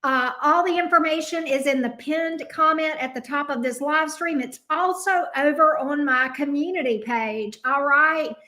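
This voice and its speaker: A woman's voice: sits high, moderate pace, hardly any pauses, bright, forceful tone. A woman with a Southern US accent hosting a tarot live stream, chatting casually and upbeat, greeting viewers by name.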